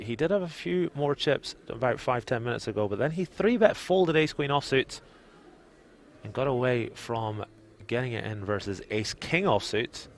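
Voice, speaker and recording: A man's voice: mid-range voice, vocal fry. A man from Northern Ireland with a Northern Irish accent, calling a live poker stream in a chatty, teasing way. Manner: chatty, laughs often, teasing. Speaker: poker commentator.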